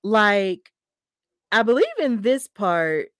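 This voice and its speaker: Chatty excitable woman recapping a match. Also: medium pitch, slow pace, clean tone, no room sound, studio quality. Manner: chatty, excitable, laughs often. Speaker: podcast host. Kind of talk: casual wrestling recap.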